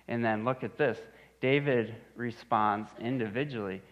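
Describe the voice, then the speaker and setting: Pastor, male, thirties, earnest sermon delivery, repeats lines, somewhat low, dull recording. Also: measured pace, fairly bright tone. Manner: earnest, repeats phrases for emphasis.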